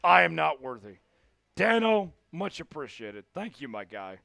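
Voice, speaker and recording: A man hosting a live sports stream, calling plays and shouting when his team scores. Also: on the high side, measured pace, gravelly, no echo. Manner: excitable, shouts big plays. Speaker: livestream sports host. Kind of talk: live play-by-play watch-along.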